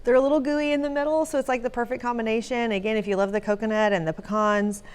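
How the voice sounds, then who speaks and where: A woman's voice: a little high, steady tone, quick pace, clean tone. A woman on a morning news show, chattily explaining how to bake a dessert as a guest. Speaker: guest baker. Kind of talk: cooking segment chat.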